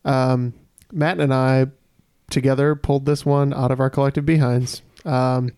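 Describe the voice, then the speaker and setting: Gravelly, deadpan man explaining answers. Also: medium pitch, moderate pace, no room sound, clean studio sound.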